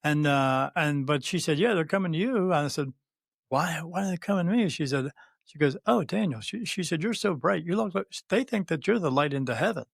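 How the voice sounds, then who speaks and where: A man in his fifties, a podcast guest, telling a long personal story in casual conversation, halting with many fillers and restarts and quoting what others said. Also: on the high side, lively intonation, vocal fry, slightly rough, dry recording, studio quality. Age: 50s. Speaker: podcast guest, spirit medium.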